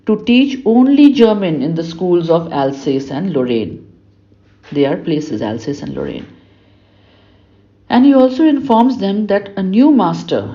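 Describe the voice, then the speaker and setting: A woman reads a story aloud to her students. She pauses after each passage to restate it in plain words. Her voice sounds soft and mellow, and the recording is a little dull. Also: fairly low pitch. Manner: reads a passage, then repeats it in simpler words. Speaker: English teacher. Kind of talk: reading aloud and explaining a story. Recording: slightly muffled lo-fi recording.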